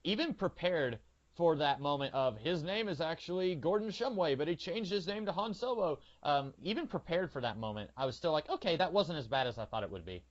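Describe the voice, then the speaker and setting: A podcast co-host chats casually, rambling with plenty of "like" and "um" and acting out little scenes in animated retellings. His voice is a little high and a little fast, and the audio sounds dull.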